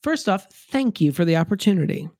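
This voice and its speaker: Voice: medium pitch, sing-song, a little fast, a little mellow, no room sound. Wry, joking podcast co-host. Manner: wry, joking, hesitant with fillers. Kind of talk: casual comedic book recap.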